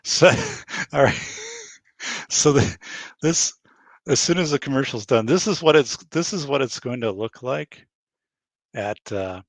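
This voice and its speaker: A man's voice: medium pitch, expressive, unhurried, pauses often, dry recording. A man hosting a podcast in his studio, rambling casually and acting out bits of dialogue while laughing at his own stories. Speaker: podcast host. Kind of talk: casual chat.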